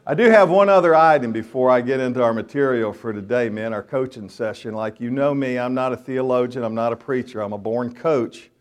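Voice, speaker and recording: A man's voice: mid-range voice, fairly quick, few pauses. Folksy joking minister, a man. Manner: folksy, joking, acts out scenes. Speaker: minister speaking to men. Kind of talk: storytelling sermon.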